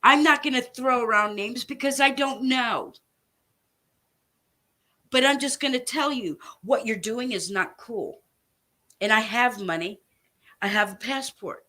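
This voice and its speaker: A woman's voice: on the high side, animated, a little slow, long pauses, bright, forceful tone. Furious, cursing woman on a rant. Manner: furious, profane, threatening, emphatic. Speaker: online commentator. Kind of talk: angry direct-to-camera rant.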